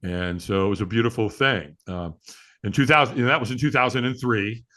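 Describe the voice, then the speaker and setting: Man, middle-aged, interview guest, casual storytelling, animated, voices the people he quotes. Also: lowish voice, brisk. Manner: animated storyteller, acts out quotes, laughs often. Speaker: guest, firewalk instructor.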